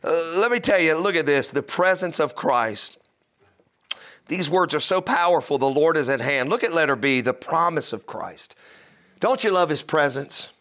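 A man pastor delivering a sermon, telling stories and preaching with rising, emphatic energy. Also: a little high. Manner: animated, rises to loud emphatic preaching.

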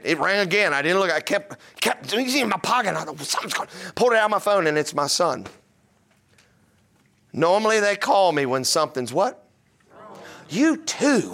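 A man's voice: high voice, bright, forceful tone. A man preaching a sermon in a conversational, joking way, often putting questions to his listeners. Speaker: pastor.

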